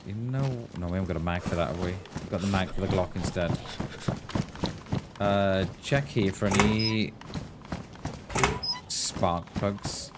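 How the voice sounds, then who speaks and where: A man's voice: sits low, heavy background noise. A man from Wales with a light Welsh accent, chatting casually and friendly with his viewers while he streams a game. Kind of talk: casual live-stream chat while playing.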